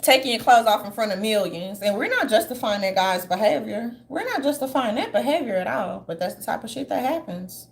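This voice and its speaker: Blunt high-pitched woman ranting. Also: expressive, a little fast, gravelly, hardly any pauses. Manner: blunt, profane, mocking quoted voices. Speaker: commentary channel host. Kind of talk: casual opinion monologue.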